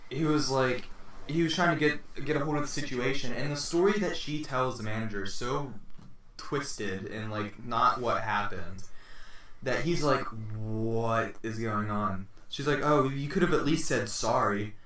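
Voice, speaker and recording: A man's voice: mid-range voice, measured pace, fairly bright tone. Rambling young man in an echoey room. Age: teens. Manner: rambling, swears, acts out quotes. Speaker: podcast host. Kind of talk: casual storytelling chat. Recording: echoey room, distant mic.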